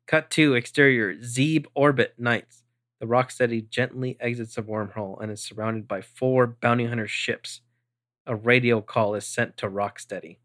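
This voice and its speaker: A man co-hosting a podcast, reading out scene narration and stage directions in a relaxed way. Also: medium pitch, normal speed, dry recording, studio quality. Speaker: podcast co-host.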